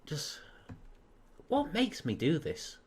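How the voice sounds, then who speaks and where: A man's voice: fairly high pitch, huge pitch swings, takes it slowly. A man commenting on a video game he is playing, sarcastic and prone to laughing and swearing. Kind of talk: let's play commentary.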